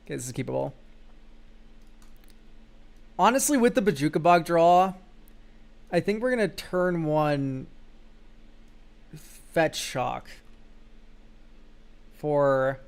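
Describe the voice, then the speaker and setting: High-voiced jokey young man streaming. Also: expressive, takes it slowly, creaky, long pauses. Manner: loose and jokey, swears and makes goofy exclamations. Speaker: streamer reviewing viewers' card game decks. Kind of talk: casual live-stream chat.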